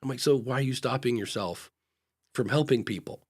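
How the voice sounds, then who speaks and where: A man of middling pitch chats casually as co-host of a live podcast advice show. He talks frankly and loosely, with plenty of ums and restarts. He often slips into quick acted-out exchanges between himself and the people he coaches. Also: breathy edge. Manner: acts out little back-and-forth dialogues in changing voices; frank, loose talk with frequent fillers and restarts.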